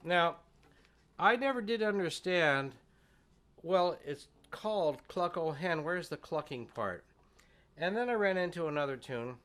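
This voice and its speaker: Folksy man teaching fiddle, bright voice. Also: mid-range voice. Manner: folksy, chatty explaining. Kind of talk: music workshop demonstration.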